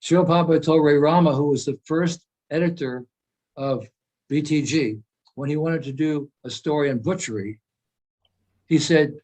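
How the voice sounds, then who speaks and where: Older man, emphatic, slightly high voice. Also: moderate pace, darkish tone, rough recording. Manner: earnest, emphatic, rambling with restarts. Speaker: guest speaker. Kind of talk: conversational video-call talk. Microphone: video call.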